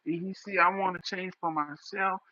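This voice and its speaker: A man's voice: high voice, steady tone, moderate pace, sharp tone, highs cut off. A young man talking straight into a livestream in a raw, impassioned, repetitive monologue. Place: livestream setup.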